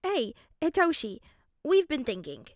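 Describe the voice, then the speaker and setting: A woman's voice: high voice, big pitch swings, unhurried, no echo, clean studio sound, voice pushed up. A woman voicing an eager, cheerful adult father in a fanfic audiobook reading.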